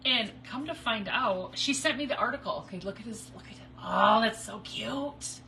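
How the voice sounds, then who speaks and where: A woman's voice: medium pitch, lively intonation, brisk, gravelly, hardly any pauses, bright, forceful tone. Chatty woman crafting live, distant noisy mic. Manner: chatty and rambling, with frequent fillers and giggles. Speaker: crafter hosting a live stream. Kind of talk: casual chat while crafting.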